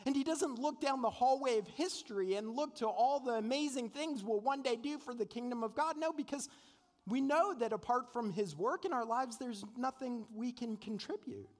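A man's voice: very high-pitched, normal speed, in a large hall. A man preaching a sermon as pastor, earnest and conversational, asking the congregation rhetorical questions.

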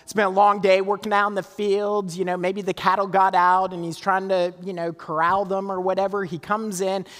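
A man's voice: high-pitched, level tone, normal speed, few pauses, a bit bright, in a large hall. A male pastor preaching a sermon in a conversational way, often checking in with his listeners. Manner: conversational, asks listeners for agreement.

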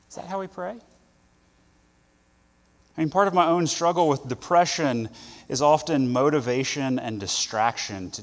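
A man preaching a sermon to students, earnest, with loud stresses and soft asides. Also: mid-range voice, in a large hall.

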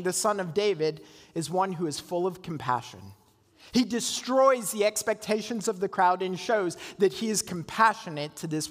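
A man's voice: high voice, a bit bright, in a large hall. A man preaching a sermon as pastor, earnest and asking the congregation rhetorical questions.

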